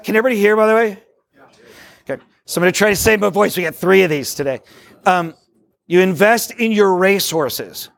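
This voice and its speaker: A man giving a live workshop talk to a group, excitable and rambling, jokey and preacherly, in a meeting room. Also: sits high, moderate pace, vocal fry. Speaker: workshop speaker on discipleship.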